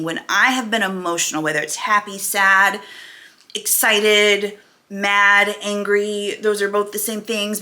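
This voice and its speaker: A woman's voice: medium pitch, sharp tone. A woman in her forties talking candidly to camera as a weight loss vlogger, emphatic and full of rhetorical questions.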